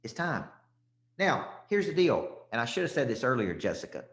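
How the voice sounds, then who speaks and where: A man's voice: mid-range voice, big pitch swings, normal speed, creaky, fairly bright tone, echoey room. A man with a Southern accent, a sales coach giving a punchy, repetitive motivational talk and calling out listeners by name.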